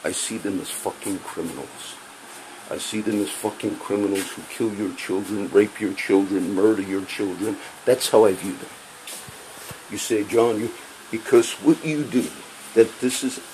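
A man's voice: lowish voice, normal speed, a little mellow, a little hiss or hum, poor audio. A man angrily ranting about police to his audience, heated and profane, often repeating himself. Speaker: vlogger. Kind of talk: angry personal rant to camera.

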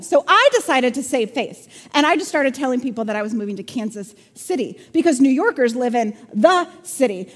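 A woman preaches with a bright, high voice, telling stories with playful, sarcastic humor. Her sermon rings out in a large church hall, and a long reverb trails each phrase. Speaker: pastor.

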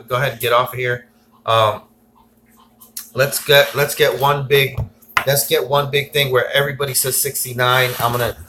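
Male livestream host with a bright, forceful voice. He reads chat comments aloud in an excitable, rambling way. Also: medium pitch, slight background noise. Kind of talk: casual livestream chat reading viewer comments.

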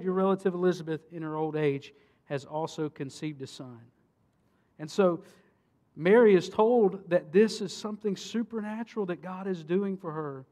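A man, a pastor, preaching a sermon and reading scripture, swinging between emphatic peaks and hushed solemn passages. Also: high voice. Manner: rhetorical questions to the congregation.

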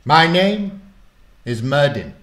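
A man voicing a wild, hungry old male warlock from the past, with a gruff voice and booming, archaic speech. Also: very animated, takes it slowly, a bit bright, echoey room, heavily acted. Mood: solemn.

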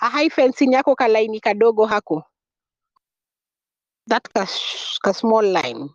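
A woman's voice: a little high, big pitch swings, normal speed, darkish tone, no room sound. A woman teaching a French class, repeating key words, spelling them out and quizzing her students. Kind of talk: classroom lesson. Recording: dull lo-fi recording.

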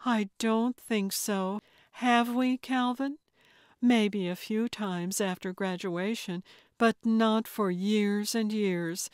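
A woman's voice: medium pitch, fairly even intonation, slow pace, darkish tone, clean tone, no echo, clean studio sound, voice pushed up, natural voice. A woman voicing a charming, gracious older lady who speaks in a sweet, cooing, lilting way in an audiobook. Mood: wistful. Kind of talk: audiobook character voice.

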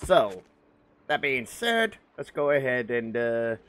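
Bright-voiced man streaming a game. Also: mid-range voice, very animated, takes it slowly. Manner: chatty, thinks aloud, self-mocking. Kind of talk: casual gameplay commentary.

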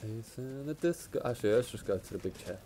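A man's voice: mid-range voice, animated, fast talker, mellow, slight background noise. A man hosting a gaming stream, laid-back and chuckling in short replies. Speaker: stream host. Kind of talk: casual chat while gaming.

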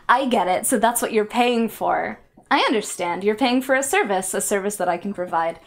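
A woman's voice: mid-range voice, animated, normal speed, faint music behind. A young adult woman streaming casual chat, sarcastic and rambling, laughing between jokes. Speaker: VTuber streamer.

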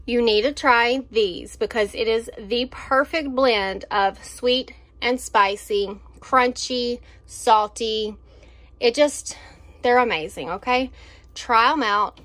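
A woman's voice: on the high side, fairly bright tone, dry recording. A woman, chatting casually and enthusiastically about her groceries, with lots of fillers. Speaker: vlogger showing a grocery haul. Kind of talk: casual chat.

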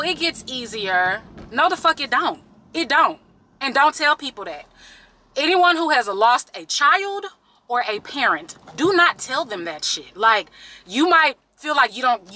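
A woman's voice: fairly high pitch, sharp tone. A woman talking bluntly and tearfully in a casual vlog, swearing freely. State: tearful, emotional. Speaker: vlogger. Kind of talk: emotional vlog talk. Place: in a parked car.

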